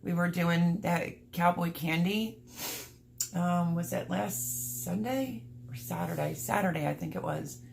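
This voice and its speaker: A woman's voice: on the low side, measured pace, gravelly, a little hiss or hum. A middle-aged woman, chatting candidly and emotionally to viewers on a livestream from home. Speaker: livestream host. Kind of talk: casual livestream chat. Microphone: livestream camera mic.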